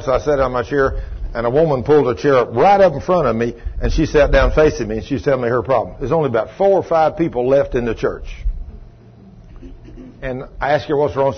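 Pastor, man, husky higher voice, storytelling sermon with big swings in loudness, muffled sound. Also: brisk. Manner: swings from low quiet telling to loud raised retelling. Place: church sanctuary.

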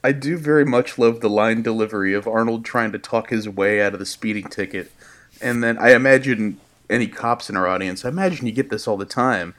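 A man's voice: lowish voice, brisk, fairly bright tone. A man from the Midwest co-hosting a podcast, chatting and musing about a movie. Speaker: podcast co-host. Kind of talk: casual movie chat.

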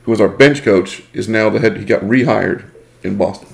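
A man's voice: lowish voice, normal speed, vocal fry. A man, a podcast guest telling rambling stories with lots of fillers in casual chat. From England. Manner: rambling storyteller with many fillers.

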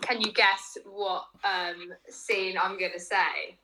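Hesitant, bright woman. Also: mid-range voice, little pitch movement, takes it slowly, slight background noise, low-quality recording. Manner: hesitant, many ums. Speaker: podcast guest. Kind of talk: casual chat.

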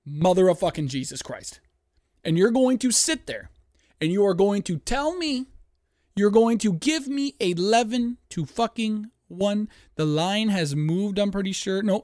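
A man hosting a sports-betting podcast from home, hyped and profane, breaking into yelling on a close mic. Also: sits high, no echo. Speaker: podcast host. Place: home studio, dogs nearby.

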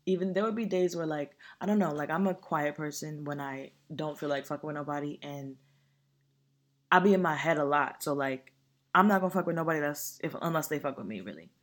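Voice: mid-range voice, fairly quick. Young adult telling a heavy personal story. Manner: casual, slang-heavy and profane, earnest.

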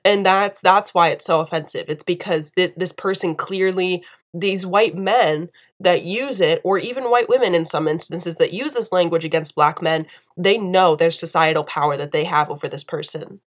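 Indignant woman with a low voice. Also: moderate pace. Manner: emphatic and indignant, repeating phrases for force. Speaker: video commentator. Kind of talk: impassioned commentary.

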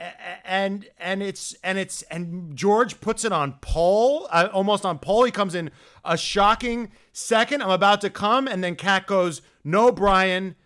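A man co-hosting a casual comedic chat, telling stories with lots of stammering restarts and acted-out quotes. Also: clear, resonant tone. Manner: animated storyteller, acts out quotes with big pitch swings. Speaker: podcast co-host.

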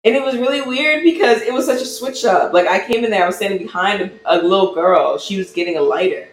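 A podcast co-host telling a story in a casual live-stream chat, animated and laughing often. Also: medium pitch, fast. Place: indoor room, streaming live. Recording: roomy echo, faint background hum.

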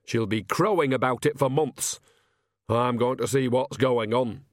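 A man's voice: medium pitch, measured pace, dry recording, studio quality, natural voice. A man voicing a blunt, gossipy old village witch woman. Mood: brash. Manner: brash, gossipy.

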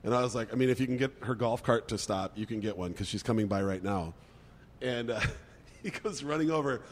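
A man in casual chat with a middle-pitched voice, starting hesitantly with lots of fillers before rushing into his story. A long, hall-like reverb trails behind his words. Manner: hesitant, lots of uh and um, then speeds up.

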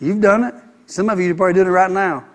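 A man's voice: high voice, fairly even intonation, quick pace. A man preaching a sermon as a pastor, emphatic and repeating his phrases in building runs.

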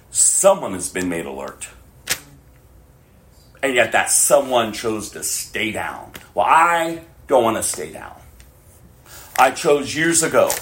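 A male pastor preaching a sermon with passion, laughing often and swinging between shouts and hushed whispers. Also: medium pitch, a little hiss or hum.

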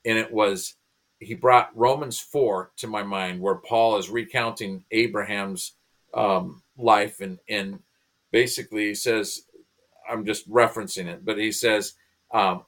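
Man, 50s, pastor-comedian guest; bright tone, animated storyteller who restarts his sentences. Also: lowish voice, a little slow. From United States. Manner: animated, restarts and repeats words. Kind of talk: conversational storytelling.

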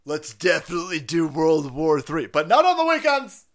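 A man's voice: sing-song, normal speed, a bit bright. A man doing a mocking impression of an elderly, stubborn male politician, blustering and repeating himself in a strained, raised voice. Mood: whiny. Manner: blustering, repetitive, strained high voice.

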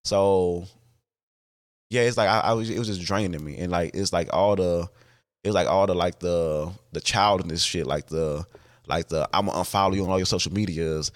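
A man's voice: low-pitched, moderate pace. A man hosting a podcast, talking alone in a casual, candid way, with many fillers and restarts and casual swearing. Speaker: podcast host.

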